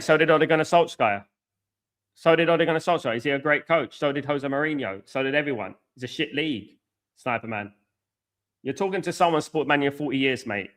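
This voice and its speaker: A man's voice: medium pitch, fairly quick, a bit bright. A middle-aged man hosting a live football watchalong, reading out viewers' chat messages and arguing back bluntly. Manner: blunt, argumentative, reads out and scolds chat viewers. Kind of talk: live match reaction and chat banter.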